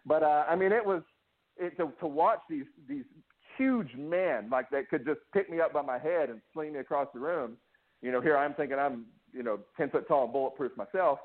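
A man speaks over a tinny, phone-like line, his voice sitting a little high for a man. His pitch swings widely as he tells a candid personal story. He stops and restarts often, and he acts out the lines of the people in it. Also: expressive, a little fast. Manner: emotional, restless, many restarts and acted-out quotes. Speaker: interview guest.

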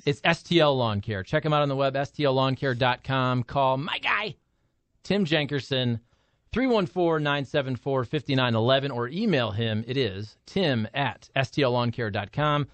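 A man's voice: mid-range voice, moderate pace, no room sound. Upbeat male radio co-host reading an ad. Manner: upbeat, salesy enthusiasm. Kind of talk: ad live read.

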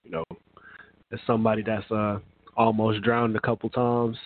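A man's voice: fairly low pitch, flat delivery, normal speed, dry recording. A man on a casual podcast who jokes and laughs often. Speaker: co-host. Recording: phone-like thin sound.

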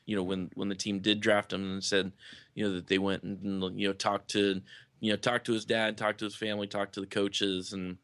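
A man's voice: lowish voice, level tone, brisk, a bit bright, no room sound. A man chatting casually on a sports podcast, telling long stories padded with many fillers. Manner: rambling storyteller, many "you know" fillers. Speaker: podcast co-host or guest.

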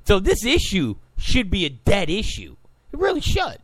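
A man's voice: sits high, wildly swooping pitch, moderate pace, fairly bright tone, no room sound. A man giving opinionated political talk commentary, combative and sarcastic toward his opponents. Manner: combative, mocks opponents in quoted voices.

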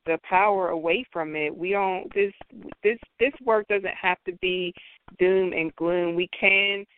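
A woman's voice: on the low side, steady tone, measured pace, no echo. A woman social worker speaking as a podcast guest, earnest and repeating words as she searches for them. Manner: earnest, repeats herself while finding words. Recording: dry phone-line sound.

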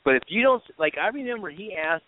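A man calling in as a guest, telling stories in a lively way with quick restarts. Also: high voice. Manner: animated storyteller, quick restarts. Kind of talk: casual call-in show talk. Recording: tinny phone line with faint hiss.

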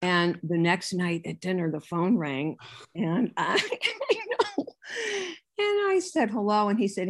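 An older woman, an author and writing teacher, tells a funny story as an interview guest, acting out the voices and laughing often like a lively raconteur. Her voice is fairly low in pitch and her pace measured.

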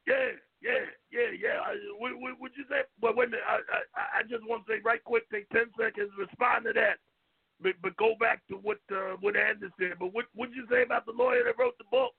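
A man hosts a call-in radio show with a strikingly high, gravelly voice. He is loud and animated, cutting in and repeating himself. The sound is thin, like a phone line. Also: brisk. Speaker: radio talk show host.

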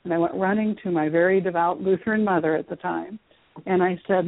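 A middle-aged woman, a guest, telling a story about her childhood in an animated way, acting out the dialogue. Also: fairly low pitch, fairly quick, gravelly. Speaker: guest, Reiki teacher. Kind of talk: storytelling in an interview. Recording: phone-line call-in audio.

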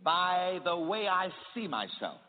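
Male preacher, lively swooping delivery, call-and-response sermon, tinny phone-line sound, long hall echo. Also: high voice, slow, music in the background. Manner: call-and-response preaching, has the crowd repeat his words.

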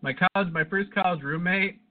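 High-pitched and a little fast, this male podcast co-host tells loose, rambling stories in casual chat, swearing freely. Expect a thin, phone-like recording.

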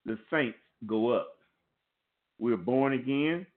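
A man's voice: medium pitch, slow. A man preaching a sermon to listeners on a conference call, warning them in an earnest, repetitive way and restarting phrases as he goes. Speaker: pastor. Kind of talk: sermon over a phone line. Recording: tinny phone line.

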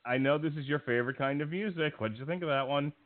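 A man's voice: a little high, fast talker. A man co-hosting a podcast, bantering in a dry, teasing way. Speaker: podcast co-host. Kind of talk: casual banter. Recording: phone-like line with loud noise.

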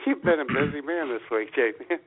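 A man co-hosting a comedy radio show, wry with deadpan asides. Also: on the high side. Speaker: co-host. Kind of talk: casual comedy radio banter. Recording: tinny phone-like sound.

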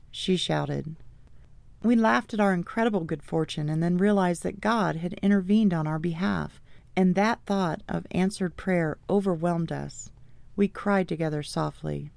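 A woman's voice: on the low side, normal speed, vocal fry, a little mellow, dry recording. A woman reading her own memoir audiobook, telling an earnest, faith-filled story.

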